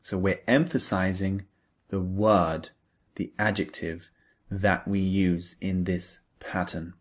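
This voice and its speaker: A man's voice: sits low, fairly even intonation. A man teaching an English lesson, explaining a speaking pattern patiently and step by step. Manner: slow, patient, explains each example step by step. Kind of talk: scripted lesson narration.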